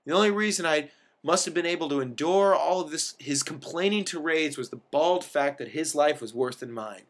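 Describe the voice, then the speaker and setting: A man reads a first-person story aloud in a wry, expressive manner. His voice sits a little high for a man, and he pushes key words up with sudden emphasis. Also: normal speed. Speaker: reader of a story.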